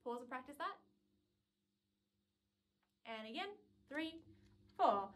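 A woman's voice: sits high, expressive, slow. A woman music teacher giving a saxophone lesson, patiently explaining each step and counting out rhythms aloud.

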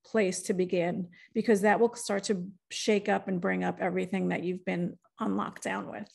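A woman's voice: mid-range voice, little pitch movement, moderate pace, creaky, darkish tone, husky. A woman hosting a podcast, talking in an enthusiastic, conversational way. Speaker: podcast host.

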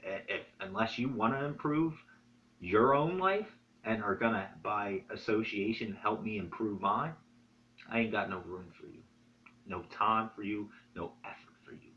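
Vlogger, male, lowish voice, earnest profane monologue, dull lo-fi sound with a faint hum. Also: a little slow. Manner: earnest, profane, preachy pep talk. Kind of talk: direct-to-camera vlog monologue.

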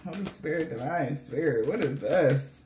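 A woman talks straight to her viewers through a tarot reading, loose and slangy, with plenty of swearing and laughter. Her voice sits a little low for a woman. She sounds animated and unfiltered throughout. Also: moderate pace, a little hiss or hum. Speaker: tarot reader.

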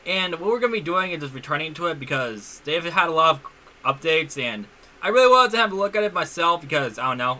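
A young man doing casual gameplay commentary as a YouTuber, excitable, with frequent stumbles and restarts. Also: mid-range voice, a little hiss or hum. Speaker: gaming YouTuber.

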